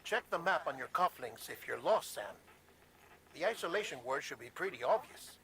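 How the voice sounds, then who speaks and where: An actor playing a calm, commanding middle-aged male official in video game cutscene dialogue, measured and persuasive. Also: on the high side, full character voice.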